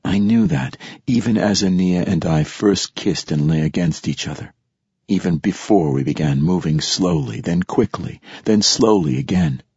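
A man narrating an audiobook in a measured, reflective storytelling manner. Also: low voice, a little mellow, husky, dry recording, dull audio. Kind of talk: scripted narration.

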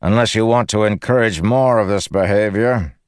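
A man voicing a stern male high lord who speaks curtly and with authority. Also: normal speed, smooth, no room sound, studio quality, natural voice.

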